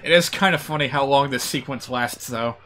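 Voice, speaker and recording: A man's voice: medium pitch, brisk, a bit bright. A man giving casual, joking commentary while streaming a video game. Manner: chatty, joking asides with laughs.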